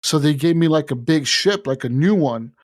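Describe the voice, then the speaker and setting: A young man on a podcast, telling a video game story in a casual, profane and animated way, acting out the game's dialogue. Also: on the high side, moderate pace. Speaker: podcast co-host. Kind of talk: casual gaming chat.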